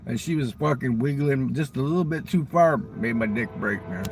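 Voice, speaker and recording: A man's voice: medium pitch, moderate pace, over music. A man telling crude stories in a rambling, profane casual monologue, outdoors near a railroad crossing. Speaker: vlogger.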